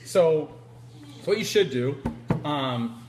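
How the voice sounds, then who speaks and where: A man's voice: fairly high pitch, slow, music in the background. A man interviewing a guest on a casual live stream, telling stories and acting out what people said. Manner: animated storyteller, acts out quotes. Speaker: interviewer livestreaming. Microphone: handheld camera.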